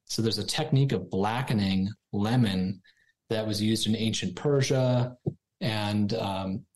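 A man's voice: fairly low pitch, a little slow, low-quality recording. A man interviewed as a guest, explaining things in a friendly way with many fillers. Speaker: guest, tea company president. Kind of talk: interview answers.

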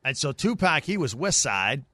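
A man's voice: mid-range voice, very animated, moderate pace, pushed and bright, no echo. A man co-hosting a sports radio show, joking playfully and acting confused in casual banter. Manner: playful, jokey, feigning confusion.

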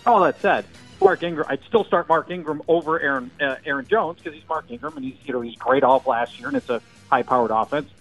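A man's voice: on the high side, sing-song, quick pace, creaky, a bit bright, faint music behind, low-quality recording. A man talking as a fantasy football analyst on a sports radio show, joking and thinking aloud with restarts. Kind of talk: casual sports radio chat.

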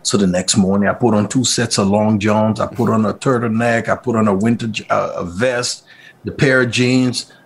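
Guy, kinda low and gravelly, husky too, telling his story all animated in an interview. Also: normal speed. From Liberia. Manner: animated, acts out quoted speech in a raised voice. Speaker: interview guest. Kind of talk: personal storytelling.

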